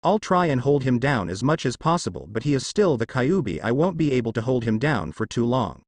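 A man voicing a giant gruff male battle toad in a fanfiction audiobook reading, in a steady, matter-of-fact way. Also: mid-range voice, fairly quick, dry recording. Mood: strained.

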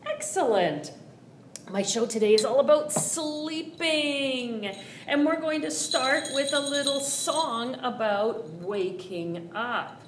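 A woman's voice: high-pitched, expressive, slow, distant mic. A woman leading a children's story time with songs and finger rhymes, coaxing young listeners to sing along. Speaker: children's librarian. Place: library room. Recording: roomy echo, faint noise.

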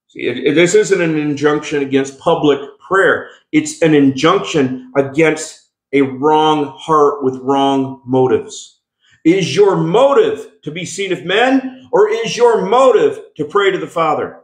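A man's voice: a little high, unhurried. Emphatic preacher man in an echoey room. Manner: emphatic, call-and-response asides, frequent restarts. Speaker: pastor. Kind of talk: sermon.

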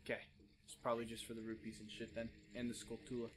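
A man's voice: medium pitch, monotone, fast, noisy background. A man co-hosting casual gameplay commentary, bantering with crude, profane jokes. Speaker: co-host of a gameplay show.

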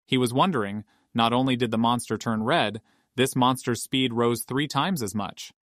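A man reading a scripted story recap in a steady, matter-of-fact way. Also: mid-range voice, moderate pace, no echo, clean studio sound. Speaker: recap narrator.

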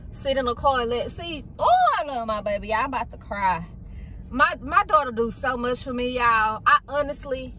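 A woman's voice: mid-range voice, slight background noise. A woman vlogging casually and candidly, talking straight to her viewers and addressing them as y'all. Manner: animated, bursts into excited squeals. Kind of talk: casual vlog talk to viewers.

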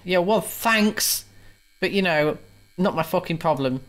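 A man's voice: high voice, expressive, unhurried, a bit bright. A man playing a horror game and giving sarcastic, sweary commentary as he goes. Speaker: let's play gamer. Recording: mains hum behind.

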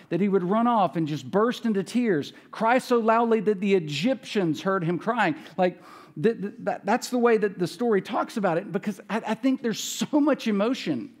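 A male pastor preaching a casual, conversational sermon, retelling scripture with folksy asides and quick self-corrections. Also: high voice. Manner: retells scripture casually, acts out characters' lines.

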